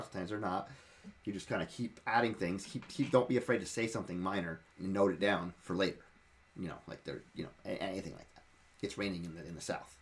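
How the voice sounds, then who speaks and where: A man in casual talk sharing advice as a dungeon master, rambling and often repeating and restarting his words. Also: on the low side.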